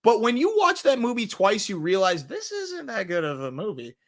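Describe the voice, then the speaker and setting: A man's voice: high-pitched, huge pitch swings, moderate pace. A man hosting a casual movie review show, talking animatedly, swearing freely and acting out quotes.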